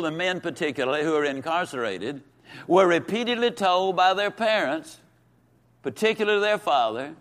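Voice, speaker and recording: A man teaching a Sunday school lesson in a folksy, emphatic way, slowing down and repeating words for stress. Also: on the high side, fairly bright tone.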